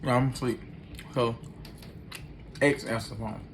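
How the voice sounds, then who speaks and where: A man's voice: mid-range voice, a little slow. A man spinning a personal story in loose, slangy street talk, his voice sitting right in the middle for a guy. He acts out each exchange as he goes. A faint hiss runs under the recording. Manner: animated, acts out every line of dialogue.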